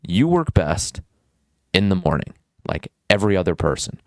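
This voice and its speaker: A man's voice: low-pitched, very animated, normal speed, no echo. A young man giving casual self-improvement advice, blunt and crude, full of "like" and jumping between tangents. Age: young adult.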